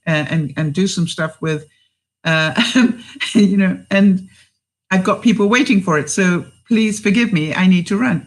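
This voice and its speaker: Chatting casually on a livestream, a woman vlogger tells her viewers a story, laughs a lot and invites their thoughts as she responds to them live. Her voice leans low, and the recording quality is poor.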